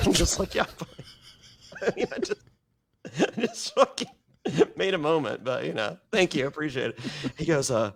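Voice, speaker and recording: A man's voice: medium pitch, big pitch swings, normal speed, creaky, fairly bright tone. A man telling a story on a podcast, rambling and swearing, acting out other people's lines as he goes. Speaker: guest telling stories.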